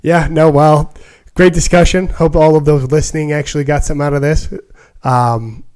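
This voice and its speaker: A man's voice: a little high, fairly even intonation, moderate pace, a little mellow, clear, resonant tone. A man hosting a podcast, chatting casually in an easygoing way and steering the show. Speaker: podcast host.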